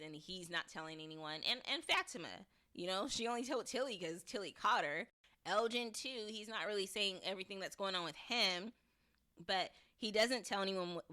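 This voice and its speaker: A young woman hosting a podcast, giving a chatty, animated spoken review and acting out lines from the episode. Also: fairly low pitch.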